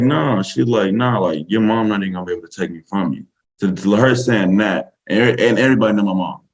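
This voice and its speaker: A man's voice: on the low side, low-quality recording. A man with a Southern US accent, a podcast guest telling a story casually, rambling with many fillers. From Texas, USA.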